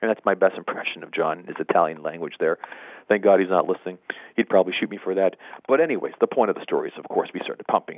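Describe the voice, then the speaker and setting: A low-voiced man hosts a motivational call, spinning a folksy story and hammering home phrases by repeating them. The sound is dry and dull, like a lo-fi phone line. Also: no room sound. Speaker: host of a motivational session.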